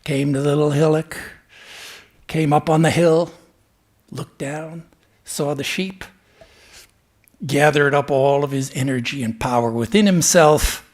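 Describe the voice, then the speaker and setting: A man speaking as a swami in a temple, giving a spiritual talk with an animated storytelling manner that often drops to a hush. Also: fairly high pitch, unhurried, long pauses. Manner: storytelling, animated, dropping to hushed tones. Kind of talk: sermon with storytelling.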